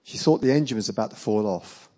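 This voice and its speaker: A man preaching and telling a personal testimony as a story, acting out the dialogue with lively energy and laughing along. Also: on the low side, fast, rough recording.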